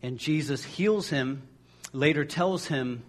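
A man's voice: a little high, moderate pace, breathy edge. A man preaching a sermon as pastor, in a conversational way, often repeating words as he restarts a phrase and acting out the voices of people in the stories.

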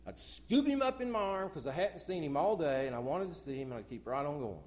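A middle-aged man preaching a sermon in church, swinging from loud outbursts to hushed, low asides. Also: very animated, fairly quick.

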